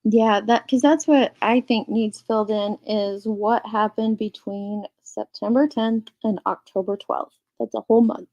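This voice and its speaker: A woman's voice: on the high side, steady tone, measured pace, few pauses, warm tone, lo-fi sound. A woman hosting a casual livestream, chatting and reading viewer comments aloud. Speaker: livestream host reading chat.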